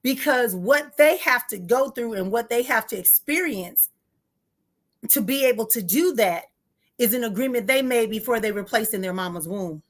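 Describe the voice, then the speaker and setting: Woman, spiritual teacher, fairly high voice, emphatic, repeats herself for effect, speaks informally to listeners. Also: lively intonation, normal speed. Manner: emphatic, repeats key phrases; addresses listeners directly and informally. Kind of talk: live-streamed spiritual teaching.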